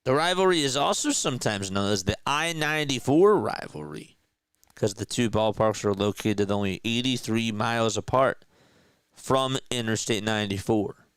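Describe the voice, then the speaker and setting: Male play-by-play host, casual and chatty, smooth clean voice, dry close sound. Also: medium pitch, normal speed, fairly bright tone, no echo. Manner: casual, chatty, talks to viewers. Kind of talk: amateur play-by-play commentary with chat.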